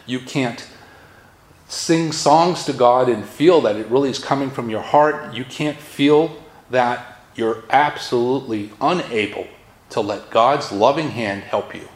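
A man with a Massachusetts accent preaching a sermon in an earnest manner, his voice lifting in force when he reads scripture aloud. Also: mid-range voice. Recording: roomy echo.

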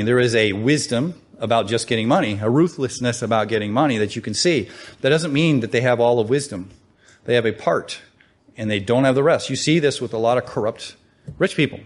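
A man teaching from the Bible in a conversational way, asking rhetorical questions and reading scripture aloud. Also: medium pitch.

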